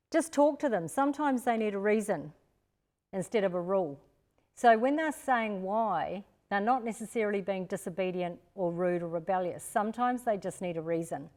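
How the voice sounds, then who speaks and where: With a mid-range, slightly mellow voice, an older woman from Australia leads a parenting seminar streamed live. Her approach is practical: she addresses parents straight on and role-plays the words to use with kids.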